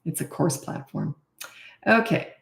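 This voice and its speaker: A middle-aged woman coaching parents in a casual Q&A, blunt and matter-of-fact, now and then acting out short quotes in a higher voice. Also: sing-song, a little slow, creaky. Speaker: parenting coach answering viewer questions. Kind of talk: casual live Q&A. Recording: roomy echo.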